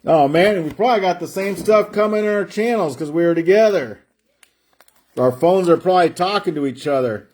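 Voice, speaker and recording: A man's voice: high voice, a little fast, a little mellow. A man hosting a sports card break stream, chatting and joking while calling out player names. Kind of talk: livestream card-break banter.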